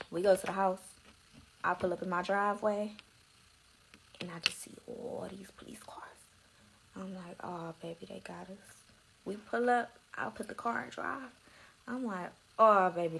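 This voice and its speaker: A woman's voice: medium pitch, gravelly, fairly bright tone, poor audio. A young woman telling her own story in a slangy, emotional way, close to tears at times. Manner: slangy, tearful, dramatic retelling.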